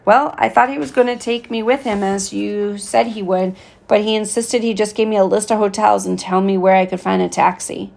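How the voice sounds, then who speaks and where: A woman's voice: medium pitch, steady tone, normal speed, creaky, a little mellow. A woman reading aloud as a nervous young man abroad, hesitant and polite. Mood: anxious.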